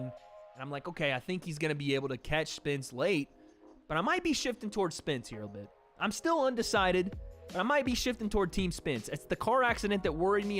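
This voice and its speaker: A man's voice: a little high, fairly bright tone. A young man from the American South chatting casually on a livestream, reading donations and trailing off with laughs. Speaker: streamer hosting a watch party.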